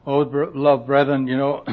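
A man preaching a sermon in a slow, earnest way, often dropping to a soft hush and clearing his throat. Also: medium pitch, level tone. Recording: dull lo-fi recording.

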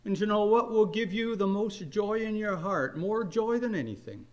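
An older man preaching a sermon, telling a story earnestly and swinging between soft and loud delivery. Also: high voice, animated, moderate pace, lo-fi sound.

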